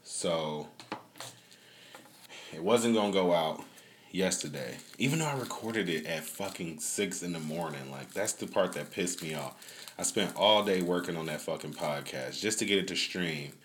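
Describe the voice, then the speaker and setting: A man with a very low voice hosts his own podcast from home, talking into a phone on a stand. He rambles casually, swears a lot and vents. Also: fairly bright tone, a little hiss or hum. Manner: profane, rambling, venting with laughs. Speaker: podcast host. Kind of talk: casual streamed podcast talk.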